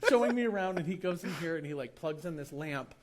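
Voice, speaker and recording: A young American man telling a travel story in a casual vlog, animated and laughing often as he acts out the people he met. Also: fairly high pitch, quick pace. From United States.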